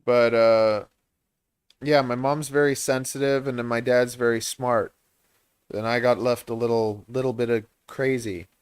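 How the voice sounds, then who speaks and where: A man's voice: mid-range voice, steady tone, a little slow, clean tone, dry recording. A man hosting a livestream, chatting in a rambling, self-deprecating way and laughing often. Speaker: livestream host and reptile breeder.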